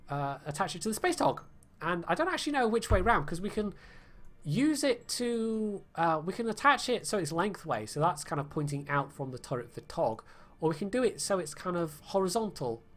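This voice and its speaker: A British man casually talking through a game on a livestream, rambling with lots of fillers and wry, self-deprecating jokes. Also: a little high. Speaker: game streamer. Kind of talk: casual livestream gameplay commentary.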